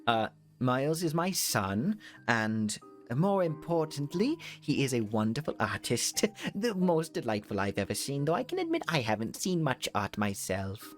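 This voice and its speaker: A man's voice: high voice, huge pitch swings, measured pace, soft background music, pitched above the performer's own voice, full character voice. A man voicing a kind, doting woman in her seventies, with a wobbly put-on British accent, for a tabletop game. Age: 70s figure. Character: kind, doting old woman with white hair.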